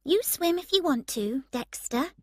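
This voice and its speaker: A woman reading aloud and voicing a proud, sharp-tongued young woman, lifting her voice high and emphatic. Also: lively intonation, measured pace, no room sound, clean studio sound. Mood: teasing.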